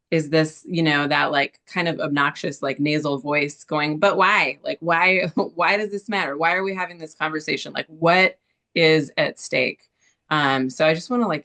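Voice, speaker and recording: A woman hosting a webinar panel, upbeat and chatty with quick reactions. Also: deep voice, fairly bright tone. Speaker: webinar host. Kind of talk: casual panel moderation.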